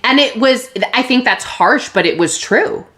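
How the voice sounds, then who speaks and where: A woman's voice: on the high side, expressive, measured pace. Woman telling a raw personal story. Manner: vulnerable, emotional, with restarts and soft laughs. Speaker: podcast host.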